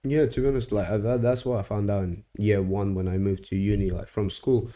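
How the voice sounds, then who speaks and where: Mellow-voiced young man telling stories. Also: fairly low pitch, fairly quick. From Russia. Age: young adult. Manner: animated storyteller, swears casually. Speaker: podcast host. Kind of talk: casual chat.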